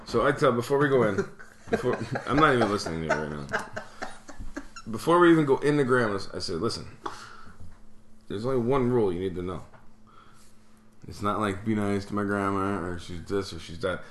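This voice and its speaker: Bright, profane man telling family stories. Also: on the low side, expressive, brisk, pauses often, a little hiss or hum. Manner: profane, laughing, mimics relatives in quoted voices. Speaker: podcast co-host. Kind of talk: casual storytelling chat. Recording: echoey room.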